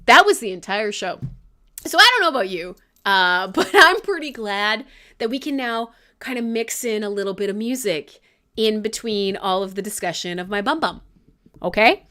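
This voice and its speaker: A woman's voice: medium pitch, animated, normal speed, pushed and bright. A young woman from Canada hosting a live radio show, with irreverent chat full of jokes, laughter and swearing.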